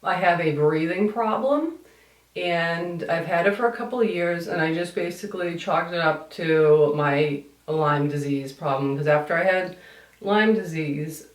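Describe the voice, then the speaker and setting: A woman's voice: on the low side, a little slow. Woman rambling thru a grwm vlog, complains a lot, echoey room, mic kinda far off. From United States. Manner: rambling, complaining, swears casually. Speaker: beauty vlogger. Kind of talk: chatty get-ready-with-me vlog.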